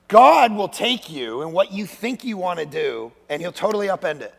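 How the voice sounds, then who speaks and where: High-pitched gravelly preacher in a reverberant hall. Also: male voice, moderate pace, few pauses. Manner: animated, joking, acts out quoted voices, sudden shouts. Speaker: guest pastor. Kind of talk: energetic comedic sermon. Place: church sanctuary.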